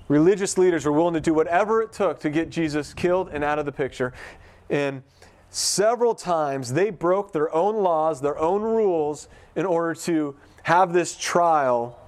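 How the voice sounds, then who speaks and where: A man preaching in a relaxed, conversational way, his voice sitting a little higher than most. He works through the text with plenty of restarts and slips into quick acted-out voices when he quotes people. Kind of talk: casual sermon teaching.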